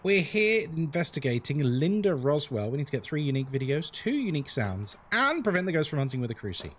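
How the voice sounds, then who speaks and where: A man's voice: on the high side, big pitch swings, a little fast. Chatty man live-streaming. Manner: chatty, greets viewers, laughs often. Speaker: horror game streamer. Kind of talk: casual live-stream chat.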